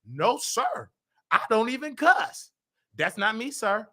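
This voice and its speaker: Loud gossip host guy, high bright voice, aave, fast trash talk, keeps yelling. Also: wildly swooping pitch. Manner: brash, rapid, trash-talking, shouts often.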